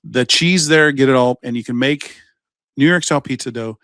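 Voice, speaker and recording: A man's voice: medium pitch, moderate pace, a bit bright, dry recording. A man co-hosting a podcast in a studio, telling a rambling story in casual chat, with plenty of swearing. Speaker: podcast co-host.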